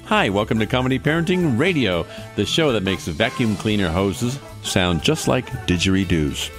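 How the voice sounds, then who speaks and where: A man's voice: fairly low pitch, expressive, normal speed, loud music behind the voice. A man hosting a comedy radio show, playful and hamming it up. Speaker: podcast host.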